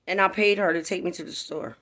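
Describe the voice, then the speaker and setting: A woman's voice: lowish voice, brisk, a bit bright, slight background noise. A woman tells a casual, profane storytime to her viewers at home. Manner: profane, chatty, talks straight to viewers. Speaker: vlogger. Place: home, indoors.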